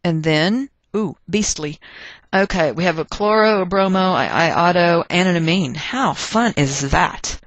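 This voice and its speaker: A woman's voice: fairly low pitch, a little slow, dry recording, muffled recording. A woman teaching a chemistry lesson, chatty and thinking aloud as she works through problems. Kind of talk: recorded chemistry lecture.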